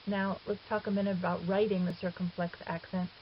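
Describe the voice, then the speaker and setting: A woman calmly explaining a grammar lesson as a recorded teacher, patient and step by step, now and then correcting herself. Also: mid-range voice, brisk. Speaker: Greek teacher. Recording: dull hissy lo-fi 2009 recording.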